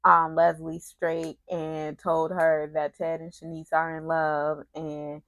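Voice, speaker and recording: Woman, casual soap recap, sassy asides, lowish voice, dry close sound. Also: slow pace, dry recording. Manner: animated, sassy, with slang asides. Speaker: soap opera recap vlogger.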